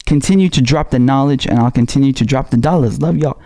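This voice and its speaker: Man, raspy voice, dark tone, casual slangy livestream chat, halting restarts. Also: medium pitch. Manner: casual and slangy, halting, reading out viewer messages. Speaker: livestream host. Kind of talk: casual live-stream chat.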